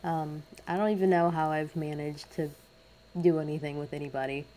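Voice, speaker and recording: A woman's voice: low voice, steady tone, fairly quick, warm tone, slight background noise. A young woman in college chatting casually over her speed paint, rambling and self-deprecating with lots of fillers. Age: young adult. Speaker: artist narrating a speed paint.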